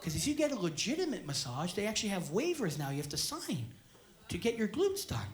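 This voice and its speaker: Loud profane male stand-up comic. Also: high-pitched, wildly swooping pitch, a little fast. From Canada. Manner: profane, loud, crowd-baiting delivery. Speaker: stand-up comedian. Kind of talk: stand-up comedy set. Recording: live club set with loud crowd laughter.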